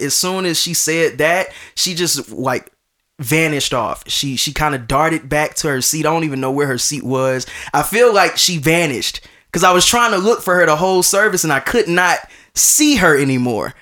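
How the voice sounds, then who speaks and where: A young man on a podcast tells a personal story in a relaxed, conversational way. He gets animated and acts out the people he quotes, with plenty of restarts and repeated words. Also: fairly high pitch. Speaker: podcast host. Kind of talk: casual storytelling.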